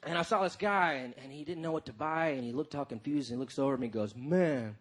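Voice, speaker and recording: A man in his thirties doing a stand-up comedy set, telling stories in an animated way and jumping into loud shouted voices. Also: fairly high pitch, fast talker. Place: live comedy stage before a crowd. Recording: live crowd noise in the background. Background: audience laughter and crowd noise.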